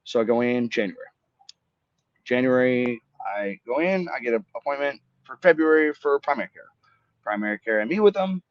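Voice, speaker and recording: Speaking at medium pitch with lots of animation, this army veteran from Florida, in his thirties, swears his way through a blunt, fast-building account as a podcast guest. It's emotional storytelling in conversation, recorded muffled but without echo.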